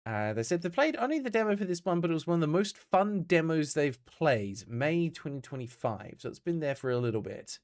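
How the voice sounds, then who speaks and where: A man's voice: fairly high pitch, very animated, brisk, few pauses, darkish tone. An Australian man streaming games, chatting casually and answering his chat as he plays.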